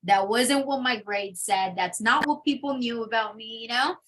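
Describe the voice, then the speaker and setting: A young adult woman telling her personal testimony in an interview, in a casual, animated storytelling manner. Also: a little high, moderate pace, a little hiss or hum. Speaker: interview guest.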